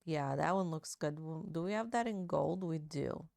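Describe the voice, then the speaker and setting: A woman's voice: low-pitched, moderate pace, gravelly, darkish tone, no echo, clean studio sound. Chatty young woman narrating a game. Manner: chatty, playful, gossipy. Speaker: gaming channel host. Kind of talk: casual game commentary.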